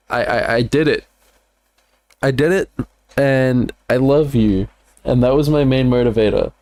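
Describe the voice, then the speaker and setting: A man's voice: mid-range voice, darkish tone, no room sound. A man with an Australian accent casually breaking down his own songs, rambling with lots of "like" and repeated words. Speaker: musician breaking down his album.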